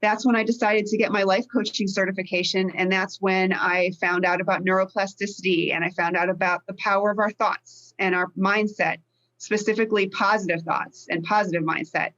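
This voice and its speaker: A woman's voice: mid-range voice, steady tone, a little fast, fairly bright tone. Heartfelt woman guest on a dull line. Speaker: podcast guest, life coach. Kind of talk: conversational interview.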